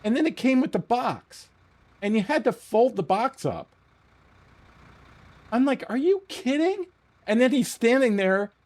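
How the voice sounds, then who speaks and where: A man streaming a game, telling a story in a profane, animated way and often laughing at it. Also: high-pitched, normal speed. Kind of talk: casual storytelling while playing.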